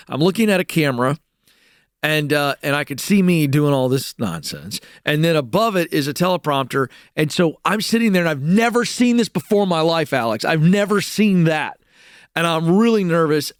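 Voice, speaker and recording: Animated high-voiced man telling a story. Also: brisk, clear, resonant tone, no echo, studio quality. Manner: lively, acts out voices, repeats words when excited. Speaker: speaker telling a story to an audience.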